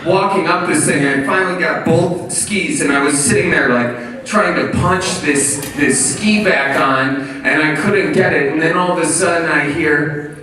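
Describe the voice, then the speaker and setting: Wisconsin comedian telling a stand-up story. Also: male voice, a little high, moderate pace, slight background noise. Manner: animated storytelling, sudden loud bursts. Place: large theater before a live audience. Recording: roomy live venue, mic at a distance.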